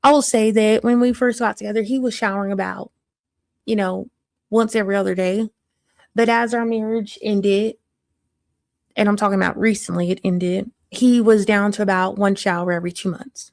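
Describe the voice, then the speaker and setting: A woman's voice: mid-range voice, steady tone, normal speed, vocal fry, no echo, close to an everyday voice. A woman playing a crass small-town mother of three in a put-on Southern country accent, telling a blunt, gossipy story in a live-streamed character monologue.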